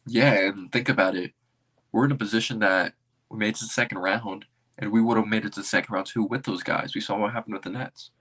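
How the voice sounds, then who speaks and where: A man with a fairly low voice hosts a casual fan livestream, rambling and thinking out loud. He keeps breaking into excitable bursts as he reacts to his team. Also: fast, slightly rough. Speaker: basketball fan streamer.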